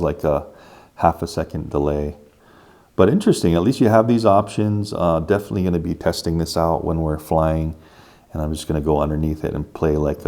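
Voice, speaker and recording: A man's voice: extremely low pitch, dark tone. A man casually talking viewers through a gadget review and setup, step by step with enthusiasm. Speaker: tech reviewer.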